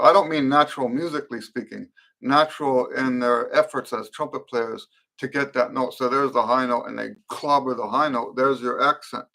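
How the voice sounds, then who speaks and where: On a live stream, a middle-aged man takes questions from trumpet players and explains patiently and thoughtfully, with fillers and restarts along the way. His voice is medium in pitch and fairly bright.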